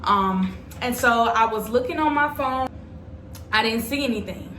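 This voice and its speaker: A woman's voice: fairly high pitch, a little slow, a bit bright, reverberant, slight background noise. A young adult woman telling a personal story to her viewers in a chatty, dramatic way. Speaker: vlogger. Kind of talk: storytime vlog.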